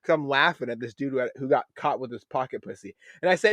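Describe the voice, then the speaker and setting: Give me a man, a Navy veteran, spinning an animated, profane story with a middle pitch and a dry, close sound. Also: fast talker, no echo. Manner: animated, profane storytelling with loud quoted outbursts. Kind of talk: casual podcast chat.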